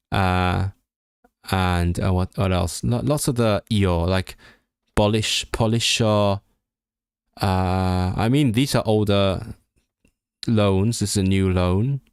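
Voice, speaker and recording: A man learning a language, reading exam text aloud and thinking through answers, halting and correcting himself as he goes. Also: on the low side, smooth, no room sound, clean studio sound. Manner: halting and self-correcting, sounding out words, bursts of surprised laughter. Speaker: language learner streaming his study.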